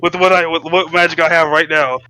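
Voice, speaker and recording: A man playing a tabletop role-playing game in casual chat, excitable and swearing freely, slipping into his character's lines. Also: a little high, brisk, slight background noise, poor audio. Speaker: player.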